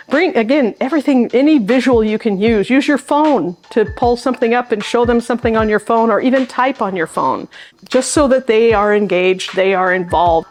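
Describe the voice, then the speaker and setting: A middle-aged woman and sign language interpreter, explaining practical tips in a friendly, emphatic way, often with demonstrations. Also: on the high side. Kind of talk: instructional talk to camera.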